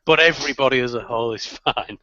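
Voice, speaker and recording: A man's voice: medium pitch, quick pace. A man in casual banter, mocking his friends and laughing. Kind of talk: casual banter on a video call. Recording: dull lo-fi audio with a loud crowd behind.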